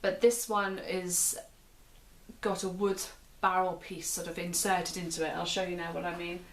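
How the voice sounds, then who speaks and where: British lady doing a pen review, kinda low voice, chatty, repeats herself a lot. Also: flat delivery, moderate pace. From United Kingdom. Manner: chatty, repeats and restarts phrases while describing. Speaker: pen reviewer and show host. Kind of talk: casual product review.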